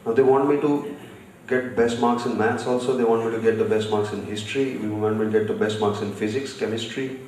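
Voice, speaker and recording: A man's voice: fairly low pitch, steady tone, a little fast, darkish tone. A man from India, speaking bluntly as an author and guest at a live festival session. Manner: blunt, storytelling. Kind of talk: live panel conversation. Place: festival session stage, large hall. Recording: echoey hall, distant mic.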